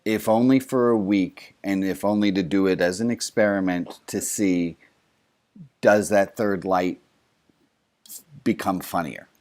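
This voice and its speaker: A man's voice: sits low, measured pace. A man leading an online service as rabbi, joking with participants and often restarting his sentences over a video call. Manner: warm, joking, stumbling restarts. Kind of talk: casual, interactive service talk.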